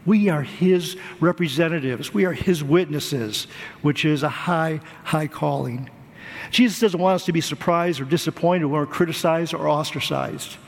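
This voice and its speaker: A man's voice: on the high side, creaky, in a large hall. A man preaching a sermon, earnest, repeating words for emphasis. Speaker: pastor.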